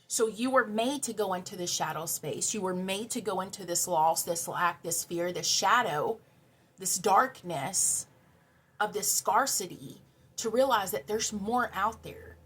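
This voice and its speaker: Woman, husky voice, tarot reader, earnest and emotional, repeats words for emphasis. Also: medium pitch, a bit bright. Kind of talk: spiritual card reading to camera.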